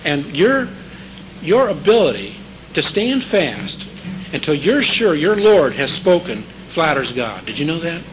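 A man preaching in a relaxed, conversational way, pitched a little above the usual male range. He keeps checking in with his listeners and circles back to the scripture lines he stresses. A faint hiss sits under the voice. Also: a little slow, poor audio. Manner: repeats key scripture phrases for emphasis. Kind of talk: sermon.

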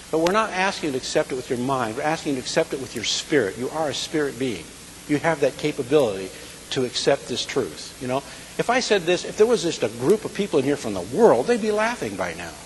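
A man preaching a sermon, talking plainly and checking in with his listeners as he goes. His voice carries a long echo from the hall around him. A faint hiss sits under it. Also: fairly high pitch. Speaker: Bible teacher.

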